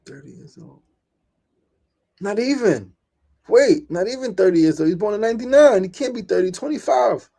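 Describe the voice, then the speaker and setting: A man's voice: high voice, lively intonation, moderate pace, creaky, warm tone. A man hosting a podcast, giving an impassioned solo monologue, swearing and repeating phrases. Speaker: podcast host.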